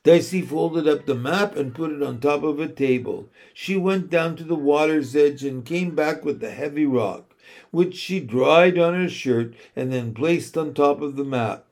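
A man reading a children's novel aloud as a slow, measured narrator. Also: fairly high pitch, darkish tone. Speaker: audiobook reader. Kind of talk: scripted narration.

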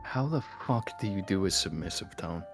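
A woman's voice: extremely low pitch, lively intonation, normal speed, faint music behind. A woman co-hosting a casual podcast, wry and self-mocking, swearing freely. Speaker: podcast co-host. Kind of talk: casual chat, party game.

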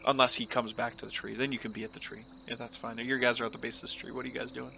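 A man's voice: mid-range voice, level tone, very fast, gravelly, pushed and bright, slight background noise. A man running a tabletop game as game master, narrating loosely with lots of fillers. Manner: casual, filler-heavy narration.

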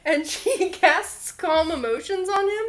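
A woman narrating as game master in a tabletop game, unhurried and often laughing. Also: very high voice, animated.

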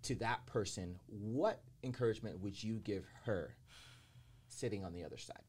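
A man hosting a podcast, encouraging and affirming, asking his guest questions in a relaxed chat. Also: on the low side, normal speed, breathy edge. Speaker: podcast host. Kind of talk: casual podcast conversation.

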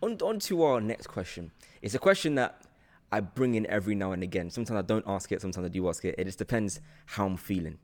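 A man's voice: lowish voice, lively intonation, fast, a little mellow. A man hosting a podcast interview, friendly and rambling, laughing often. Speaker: podcast host.

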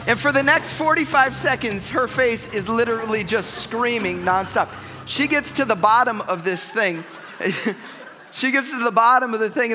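Guy pastor preaching, high bright voice, lively and chatty with the crowd, big reverby church hall. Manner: energetic, conversational preaching with asides to the audience. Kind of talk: sermon.

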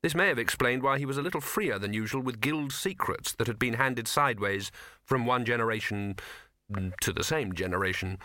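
A man narrating an audiobook in a measured storytelling manner, close to the mic. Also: medium pitch, sharp tone, no room sound. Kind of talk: scripted narration.

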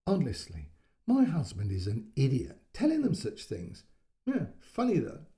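A man's voice: mid-range voice, huge pitch swings, measured pace, warm tone. A man voicing a cheerful adult woman who speaks lightly and with amusement in a story reading. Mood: amused.

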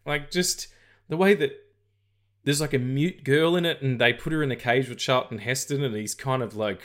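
A man's voice: medium pitch, a little fast, a bit bright. A man co-hosting a film podcast, chatting casually and rambling about movies with many restarts and some swearing. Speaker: podcast co-host.

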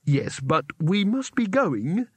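A man's voice: high voice, big pitch swings, slow pace, slightly rough, no echo, voice pushed up, exaggerated voice. Twitchy cowardly wizard, a guy reading him, anxious and fed up, dry close sound. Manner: anxious, exasperated. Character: nervous, cowardly male wizard.

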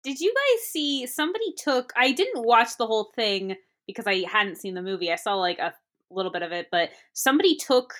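A woman's voice: on the high side, very animated, fairly quick, fairly bright tone. A woman in casual podcast chat about a film, giggling often, using lots of filler words and trailing off.

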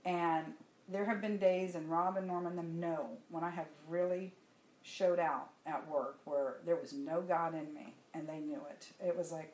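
Speaking unhurriedly in a lowish voice, a church speaker shares her personal testimony with the congregation. She tells it in a conversational, storytelling way and becomes animated when laughing. The recording has an echoey room and faint ambience.

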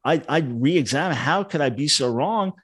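A man's voice: a little high, lively intonation, normal speed, a bit bright, husky. An older man, a Bible scholar, explaining his view earnestly in a casual livestream discussion.

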